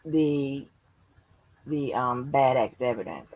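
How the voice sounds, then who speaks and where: A woman's voice: deep voice, big pitch swings, takes it slowly, dry recording, rough recording. A sleepy woman hosting her channel, chatting casually in a drawling, profane, yawning way. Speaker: channel host. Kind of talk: casual late-night chat.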